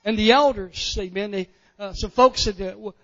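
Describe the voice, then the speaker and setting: High-voiced preaching man, frequent amens. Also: normal speed. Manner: folksy preaching with frequent amens, swelling loud on key phrases. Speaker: pastor. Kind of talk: sermon. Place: church sanctuary. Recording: dull church recording with long reverb.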